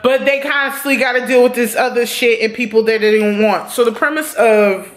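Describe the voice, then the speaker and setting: A young woman casually reviewing a TV series, talking in animated, profane bursts that swing between loud outbursts and quick asides. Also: a little high. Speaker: TV review vlogger.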